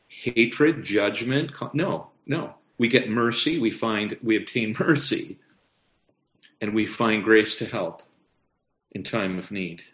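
A man preaching a sermon in a conversational way, repeating phrases and asking the listeners questions. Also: mid-range voice. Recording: echoey room.

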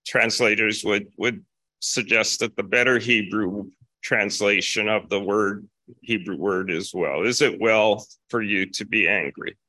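A man preaching a sermon in a measured way, repeating key phrases for emphasis. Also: lowish voice, fairly even intonation, sharp tone, dry recording.

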